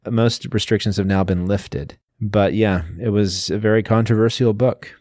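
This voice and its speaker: A man's voice: lowish voice, fairly even intonation, moderate pace, a little mellow, no room sound, clean studio sound. A man hosting a podcast, casually explaining a novel's background and stopping to restart his sentences. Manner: explanatory, lists facts, frequent restarts. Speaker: podcast host. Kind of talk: casual book discussion.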